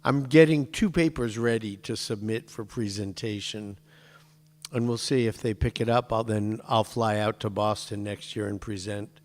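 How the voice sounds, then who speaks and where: A man's voice: fairly low pitch, moderate pace. A man telling a casual, rambling story to a congregation. He often restarts his sentences and stops to explain how words are pronounced. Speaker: speaker addressing a congregation. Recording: long reverb of a large hall.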